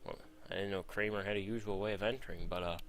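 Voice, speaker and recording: A man's voice: deep voice, fairly even intonation, quick pace. A man reading a script aloud, breaking off into rambling, profane, self-mocking asides. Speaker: script reader. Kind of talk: casual rambling read-through.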